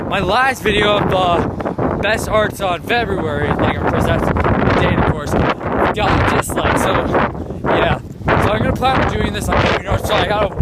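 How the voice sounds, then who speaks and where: A man vlogging outdoors into a handheld phone, telling a rambling story and repeating "of course" constantly. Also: high-pitched. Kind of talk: casual rambling story vlog. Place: outdoors in the cold, walking. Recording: loud wind noise on phone mic.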